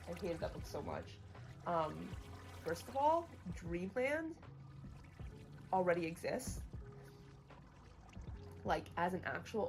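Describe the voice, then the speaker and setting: A woman's voice: fairly low pitch, slight background noise. A woman livestreaming, chatting casually about books she has read, bluntly opinionated and full of "like". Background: music playing.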